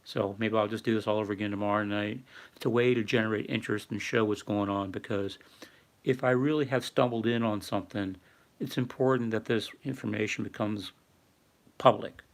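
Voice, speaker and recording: A man's voice: lowish voice, steady tone, brisk. An older man hosting a casual livestream, rambling and reading viewer chat aloud with lots of fillers. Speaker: livestream host. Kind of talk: casual live-stream talk.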